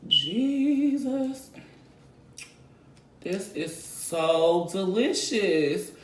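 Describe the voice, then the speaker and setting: Woman mukbang vlogger, gravelly and drawn-out, humming over food, faint background noise. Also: low-pitched. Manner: savoring food aloud with frequent hums; thanking viewers warmly. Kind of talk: mukbang eating talk. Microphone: close mic picking up eating sounds. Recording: echoey room, faint noise.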